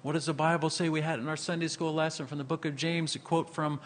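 A male pastor delivers a sermon in a somewhat high voice, rising to loud emphatic lines and dropping to slow, hushed phrases. He slips into casual asides with fillers. Faint noise sits under the recording. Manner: animated preaching, swinging from loud emphasis to slow quiet phrases.

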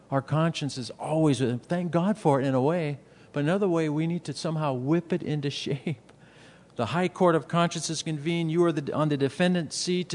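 A man's voice: a little high, darkish tone, in a large hall. A man preaching a sermon as a pastor, earnest and emphatic, asking rhetorical questions and repeating words for stress.

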